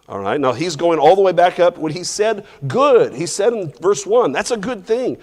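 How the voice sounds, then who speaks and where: Male Bible class teacher, slightly high voice, casual verse-by-verse delivery, long church-hall reverb. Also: sing-song, normal speed, few pauses, a little mellow. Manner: informal, restarts phrases, asks the class questions and chuckles.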